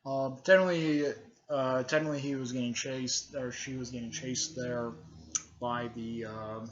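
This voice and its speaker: A man giving a casual, rambling recap full of fillers, often clearing his throat. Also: medium pitch, steady tone, moderate pace, highs cut off. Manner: filler-heavy, repeats "technically" and "and stuff like that", clears throat often. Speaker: video creator recapping a fan series.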